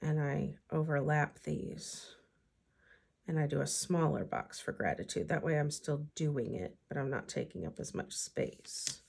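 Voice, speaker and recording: Brief: chatty woman planner vlogger, deep pitch, husky tone. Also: a little slow, a little mellow. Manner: chatty, talks to herself as she works. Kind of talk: casual chat while decorating a planner.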